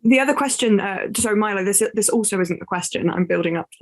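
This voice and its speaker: A woman's voice: mid-range voice, fast talker. A young woman hosting a podcast, chatting casually with frequent laughs and hesitant fillers. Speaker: podcast host. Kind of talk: casual chat.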